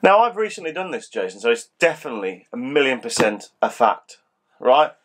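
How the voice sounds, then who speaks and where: A man's voice: mid-range voice, sing-song, a little fast. A middle-aged man in casual chat as co-host, rambling and teasing, with a slight cold.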